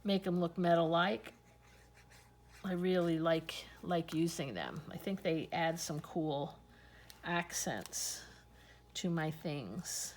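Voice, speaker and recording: Unhurried woman chatting through a craft tutorial. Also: fairly low pitch, big pitch swings, slight background noise. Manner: chatty, unhurried, talks through each step. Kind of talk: casual crafting tutorial, thinking aloud.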